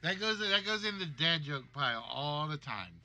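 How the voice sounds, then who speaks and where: A man's voice: on the high side, lively intonation, moderate pace, sharp tone. A man hosting a livestreamed list game show, reading out guesses and cracking jokes. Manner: jokey, reads guesses aloud.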